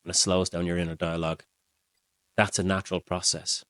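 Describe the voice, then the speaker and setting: A middle-aged man, a mindset coach, calmly explaining breathing and relaxation to his viewers in a steady way. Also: low voice, a little fast, no echo. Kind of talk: explaining to camera.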